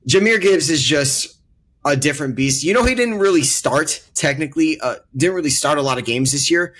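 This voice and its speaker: A man's voice: fairly high pitch, expressive, a little fast, fairly bright tone. A man co-hosting a casual sports debate podcast, earnestly laying out his rankings with emphatic repetition. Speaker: podcast co-host.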